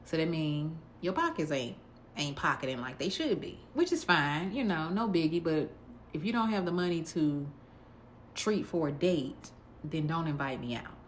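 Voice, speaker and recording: A woman vlogger telling a dating story casually, in a sassy, blunt, animated way. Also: deep voice, moderate pace, slight background noise.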